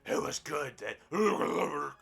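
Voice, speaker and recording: A man with a deeply gravelly, husky voice reads a story aloud in slow, unhurried fashion. His tone is bright and forceful as he cuts in with crude, profane jokes at the text's expense. Faint music plays underneath. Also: lively intonation. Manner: crude mocking asides, profane. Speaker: gaming roleplay streamer. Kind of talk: reading a book aloud with commentary.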